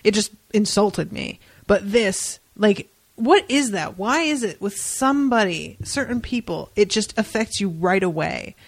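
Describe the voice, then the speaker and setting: Gravelly-voiced woman retelling a story. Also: mid-range voice, a little slow, hardly any pauses, no room sound. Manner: animated retelling, dry asides, swears freely. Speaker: podcast host. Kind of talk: casual book discussion.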